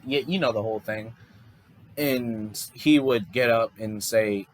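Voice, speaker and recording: Rambling low-voiced man telling a story. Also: steady tone, moderate pace, a little hiss or hum, poor audio. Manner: rambling, loose, full of "like" and restarts. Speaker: fan storyteller. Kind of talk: casual improvised storytelling.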